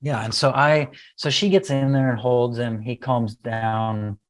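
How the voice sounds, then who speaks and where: A middle-aged man talking as a podcast guest about raising kids. He tells the story in an animated way, and he slips into the voices of himself and his small son as he goes. His pitch sits right in the middle for a man. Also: unhurried. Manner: animated storyteller, acts out his child's lines. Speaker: guest speaker on parenting. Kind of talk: conversational podcast interview.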